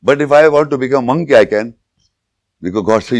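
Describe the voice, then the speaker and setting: A man giving an informal religious lecture, telling jokes and anecdotes and pausing to search for words. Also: mid-range voice, darkish tone, no room sound. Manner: anecdotal, joking, with searching pauses and restarts. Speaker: Islamic lecturer.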